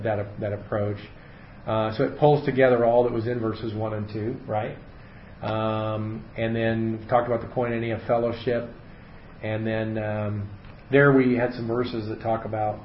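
A man leading a casual Bible study lesson, explaining slowly and thinking aloud with fillers and restarts. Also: mid-range voice. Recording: echoey room, dull sound, faint hiss.

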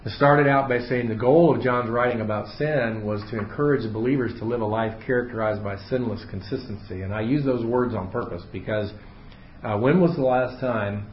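A man leading a casual Bible study, explaining the text in a relaxed, unscripted way full of fillers and restarts, to a small group in a room. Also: mid-range voice, brisk, a little hiss or hum. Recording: roomy, slightly dull room recording.

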